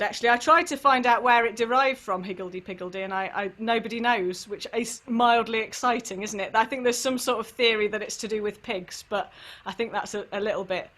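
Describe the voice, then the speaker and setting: A woman leading an online sing-along warm-up over a computer microphone, chatty and encouraging, with playful asides. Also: on the high side. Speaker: singing workshop leader.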